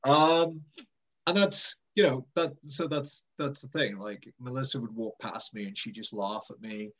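A man chats loosely as an interview guest, trailing off and restarting with plenty of ums and likes. His voice sits at an ordinary middle pitch. The recording is a little dull and muffled. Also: fairly even intonation, measured pace, fairly bright tone. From Britain. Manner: rambling, self-deprecating, many fillers and restarts. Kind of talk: casual conversation.

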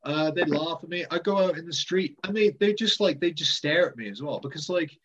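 A man's voice: fairly high pitch, a little fast, fairly bright tone, highs cut off. A man in casual conversation as an interview guest, rambling and self-deprecating, with many fillers and restarts. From Britain.

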